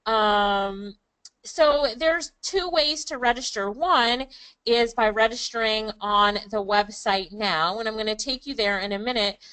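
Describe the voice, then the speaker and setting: A woman's voice: fairly high pitch, fairly bright tone, no echo, low-quality recording. A woman presenting a live online class in an upbeat, chatty way, calling on viewers by name. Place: Kingston, Jamaica.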